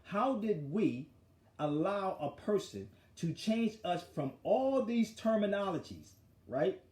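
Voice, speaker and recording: Man, slightly high voice, mellow dark tone, forceful storytelling, echoey room. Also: slow. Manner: forceful, animated retelling of an argument. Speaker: show host. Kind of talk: casual street talk storytelling.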